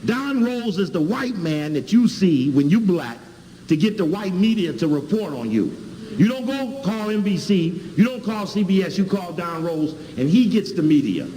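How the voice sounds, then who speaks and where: Lecturer, man, animated and somewhat high, recorded in a reverberant hall with faint ambience. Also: moderate pace, slight background noise. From Chicago. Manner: emphatic, spells out and repeats key words. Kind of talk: lecture with video clips.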